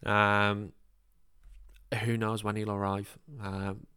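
A man's voice: lowish voice, completely flat delivery, takes it slowly, pushed and bright, smooth, no echo, clean studio sound. A man with a northern English accent hosting a casual podcast chat, self-deprecating and full of ums. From northern England. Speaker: podcast host.

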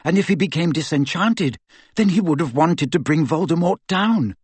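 A man's voice: fairly high pitch, lively intonation, normal speed, slightly rough, no room sound, pitched above the performer's own voice. A man reading an audiobook, voicing a clever, earnest teenage girl in a raised voice. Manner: earnest, urgent. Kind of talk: audiobook character voice.

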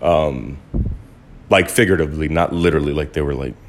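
A man's voice: extremely low pitch, brisk, a little hiss or hum. A man hosting his own podcast, talking in a blunt, casual monologue with some swearing. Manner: blunt, swears, animated when quoting others. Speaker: podcast host. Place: Los Angeles.

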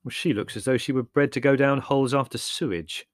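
A man's voice: medium pitch, brisk, dry recording, clean studio sound, lightly acted. A man voicing a sardonic young man in an audiobook, arch and cutting with theatrical disdain. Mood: scornful.

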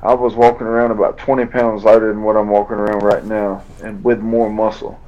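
Low-voiced man, lo-fi sound. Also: level tone. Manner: acts out past conversations, drawling and halting. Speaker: bare-knuckle fighter guest. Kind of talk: emotional storytelling in a podcast interview. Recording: dull lo-fi audio.

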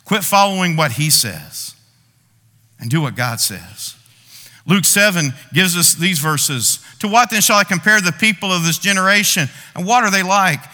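A man preaching in a large church, his high, very bright voice ringing through a long hall reverb. He acts out people's prayers and complaints with dramatic pauses. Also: lively intonation. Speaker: pastor. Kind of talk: sermon.

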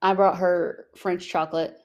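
A woman's voice: lowish voice, level tone, unhurried, darkish tone. A young American woman co-hosting a podcast, chatty, laughing easily and acting out little quotes. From United States. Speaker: podcast co-host. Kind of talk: casual chat.

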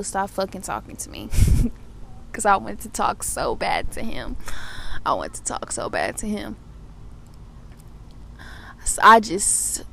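Young woman, casual monologue, profane, animated, mid pitch. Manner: profane, animated retelling of her day. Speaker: podcast host.

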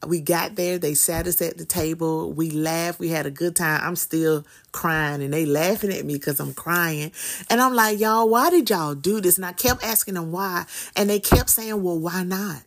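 Lady in her middle years, chatty and animated, telling a story on her podcast. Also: low voice, normal speed. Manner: animated, chatty, with Southern slang. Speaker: podcast host. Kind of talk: casual storytelling monologue.

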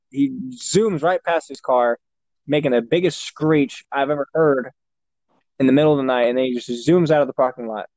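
A man's voice: fairly high pitch, a little mellow, no room sound. Young man, casual chat, rambling storyteller, swears a lot, dry close sound.

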